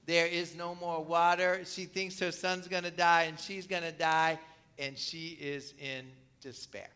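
A man's voice: on the high side, level tone, unhurried, pushed and bright, smooth. A man preaching a sermon in a conversational way, with rhetorical questions and asides to the congregation. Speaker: pastor.

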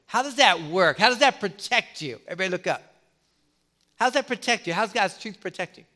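Preaching as a pastor, this middle-aged man has a high, expressive voice that sounds pushed and bright. He poses questions to his congregation and lets pauses land for effect.

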